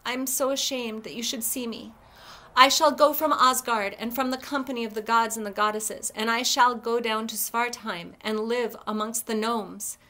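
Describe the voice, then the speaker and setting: A woman's voice: a little high, moderate pace, gravelly, fairly bright tone, voice pushed up. A woman voicing a tearful shamed goddess. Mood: sorrowful pleading. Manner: tearful, pleading. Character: grieving shamed young goddess.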